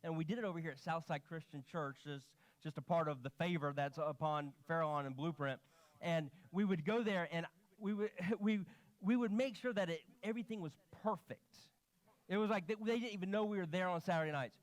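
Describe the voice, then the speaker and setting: A pastor delivers a lively sermon in a church, his voice pitched a little high for a man. He tells stories with animated energy and acts out the people he quotes. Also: fairly quick. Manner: animated storytelling, quoting himself and others. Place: church sanctuary.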